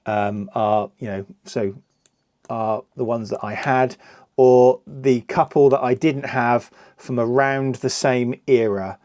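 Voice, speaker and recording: Brief: middle-aged man, unhurried, rambling self-mocking builder talk. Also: medium pitch, fairly even intonation, a little mellow, no echo. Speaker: LEGO reviewer host. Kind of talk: casual build commentary.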